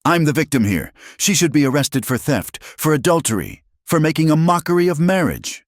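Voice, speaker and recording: A man's voice: extremely low pitch, expressive, moderate pace, no room sound, clean studio sound. A man playing a cruel, wealthy husband on trial who moves from pompous dignity to open rage. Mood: raging. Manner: pompous, then shouting in fury. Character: cruel wealthy husband, self-righteous, raging.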